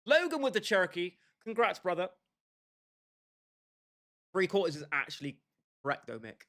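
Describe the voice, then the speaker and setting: Young british guy streaming, joking with chat, voice a bit on the high side. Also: big pitch swings, moderate pace, a bit bright. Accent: British English. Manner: banters with chat by name, laughs often. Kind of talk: casual livestream chat.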